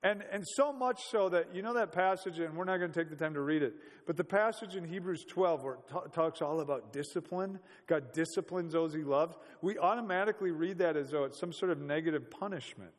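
A man's voice: fairly high pitch, fairly quick, hardly any pauses, big-room sound. A man preaching a sermon in a conversational, storytelling way, full of rhetorical questions.

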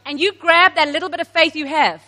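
A woman from South Africa giving a sermon to women, telling stories with animated laughs. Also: sits high, a little fast, long reverb tail. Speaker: women's ministry speaker.

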